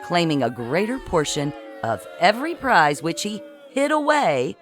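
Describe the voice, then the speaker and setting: Bossy schemer who spins mutiny as management talk, read by the narrator; lively delivery. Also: medium pitch, soft background music, voice pushed up. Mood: scheming. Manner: smooth corporate euphemisms, brisk orders. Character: scheming bossy woman, euphemistic, commanding.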